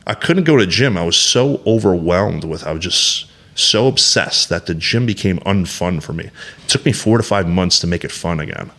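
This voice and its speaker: A low-voiced man in his thirties speaks as a podcast guest, opening up bluntly and swearing freely. He talks in emphatic bursts, circling back with restarts and fillers. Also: expressive, moderate pace, fairly bright tone. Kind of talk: candid podcast conversation.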